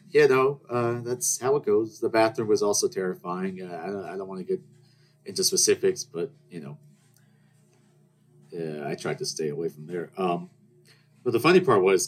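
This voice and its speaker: A man's voice: low voice, moderate pace, pauses often. Rambling young man telling stories. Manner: rambling, joking, with restarts and mock-outraged rants. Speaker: podcast host. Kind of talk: casual storytelling monologue.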